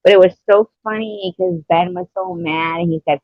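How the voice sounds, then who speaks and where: A woman's voice: on the low side, fairly even intonation, normal speed, no room sound, muffled recording. A woman hosting a live stream, telling stories in casual chat, swearing freely and laughing as she goes. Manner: profane, laughs through her stories.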